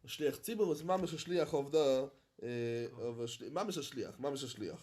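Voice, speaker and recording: A rabbi teaching a Talmud class to students, chanting the Aramaic text and then explaining it in English, often halting and repeating himself. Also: male voice, mid-range voice, darkish tone. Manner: halting, with frequent restarts and repetition. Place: study hall in London.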